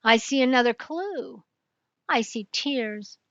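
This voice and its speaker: A woman's voice: a little high, animated, slow, a bit bright, no room sound, dull audio, full character voice. Big Max, a woman reading as a sure detective. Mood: confident. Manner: confident, explaining. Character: boastful clever elephant detective, male.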